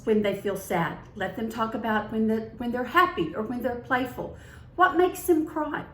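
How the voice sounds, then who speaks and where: A woman teacher slowly and gently coaching a young child, tips for parents, singing a children's song along the way. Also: medium pitch, reverberant, rough recording. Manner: slow, gentle and encouraging, sings along. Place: farm, outdoors.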